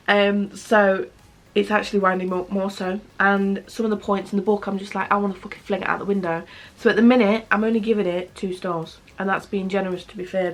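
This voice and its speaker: Blunt, sweary woman chatting to camera. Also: mid-range voice. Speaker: book vlogger. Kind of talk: casual book review chat.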